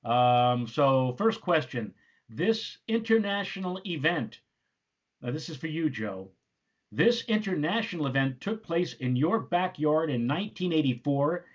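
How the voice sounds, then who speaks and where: A man co-hosting a casual chat, relaxed and teasing, reading quiz questions. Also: a little high, unhurried. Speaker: co-host. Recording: dull lo-fi sound.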